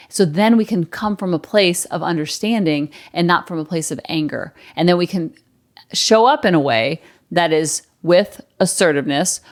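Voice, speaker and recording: A woman parenting coach hosting a solo podcast, talking in an earnest, encouraging, conversational way and repeating homely images for emphasis. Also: low voice.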